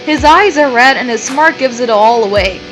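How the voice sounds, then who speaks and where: A woman with a fairly high, animated voice and a fairly bright tone reads fan fiction aloud for laughs at a moderate pace. She keeps stopping to mock it, laughing often as she goes. The recording is rough, with guitar music playing in the background.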